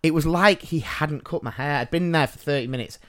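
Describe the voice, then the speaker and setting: A podcast co-host tells a story in a casual, self-mocking way, animated and laughing through it often. His voice is fairly high and a little fast.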